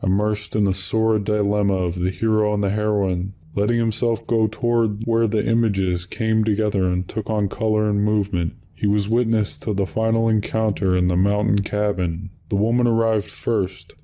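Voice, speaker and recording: A man narrating short stories in a steady, unhurried reading voice. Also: on the low side.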